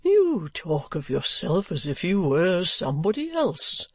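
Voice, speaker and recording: A reader voicing a kindly, excitable older gentleman who speaks slowly and earnestly. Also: mid-range voice, dry recording, full character voice. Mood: urging.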